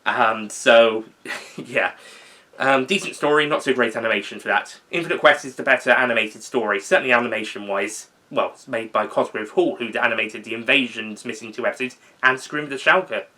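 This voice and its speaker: A young man talking casually in an unscripted video, rambling, correcting himself and filling pauses with um. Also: mid-range voice, sharp tone. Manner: rambling, with fillers and self-corrections. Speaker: video host ranking seasons.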